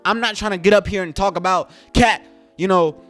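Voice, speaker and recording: A man rants in a casual podcast style, his voice sitting a little high. He talks with indignant emphasis and keeps firing rhetorical questions. Faint music plays underneath. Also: fairly quick, a bit bright. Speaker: podcast host. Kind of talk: casual sports rant.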